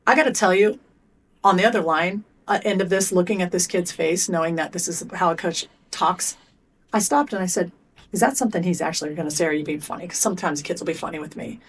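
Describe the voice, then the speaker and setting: A middle-aged woman speaks as a podcast guest. Her voice sits somewhat low, and her talk is blunt and lively. She swears casually and acts out the coach and the athlete in turn. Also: fast, breathy edge. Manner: animated storyteller acting out coach and athlete exchanges. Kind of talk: podcast interview.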